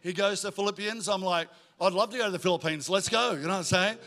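A male pastor, preaching a sermon in a church in a joking, energetic way. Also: sits high, fast talker. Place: church auditorium.

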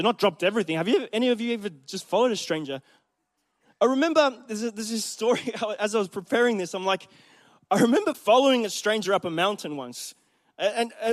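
A man preaching a sermon in a church, telling a story in an animated way and speaking directly to the congregation. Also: high voice.

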